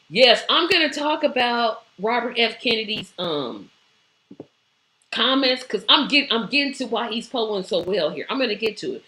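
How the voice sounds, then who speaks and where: Woman host for a live stream, emphatic and exclamatory, bright tense voice, echoey room. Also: on the high side, big pitch swings, normal speed. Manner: emphatic and exclamatory, with rhetorical questions. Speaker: host of a live online show. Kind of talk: live-stream commentary, reading viewer comments.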